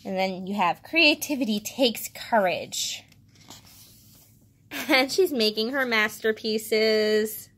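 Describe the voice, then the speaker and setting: A woman reviewing a children's picture book, reading pages aloud with expressive enthusiasm. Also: a little high, slow.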